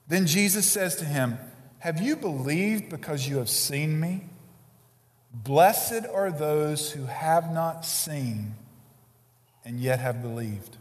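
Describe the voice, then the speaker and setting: A man preaching a sermon as pastor, swinging between quiet earnest stretches and loud emphatic passages. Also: fairly high pitch, expressive, slow. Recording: long reverb of a large hall.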